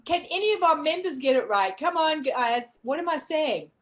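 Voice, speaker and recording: Lively high-voiced woman hosting a game. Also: moderate pace, low-quality recording. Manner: animated, coaxing viewers to guess. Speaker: co-host running a lip-reading game. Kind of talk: casual live-stream game chat.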